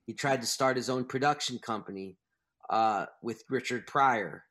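An author being interviewed as a guest talks emphatically and at length, restarting his thoughts as he goes. He has a mid-range, fairly bright voice and a moderate pace.

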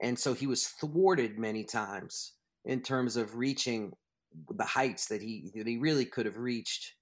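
Male author guest, mid-pitched, emphatic and animated, talkative interview style. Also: a little slow. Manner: animated, emphatic, restarts thoughts. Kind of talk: interview conversation.

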